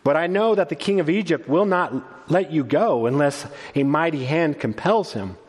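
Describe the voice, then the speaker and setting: A man's voice: fairly high pitch, animated, moderate pace, breathy edge, long reverb tail. A male pastor preaching a sermon, earnest and conversational, often restarting his phrases. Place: church sanctuary.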